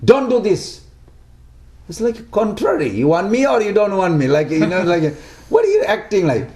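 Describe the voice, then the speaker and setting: Animated man preaching in an echoey room. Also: sits high, moderate pace. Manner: non-native English, simple broken phrasing, animated rhetorical questions. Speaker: devotional speaker. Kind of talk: devotional talk to a small group.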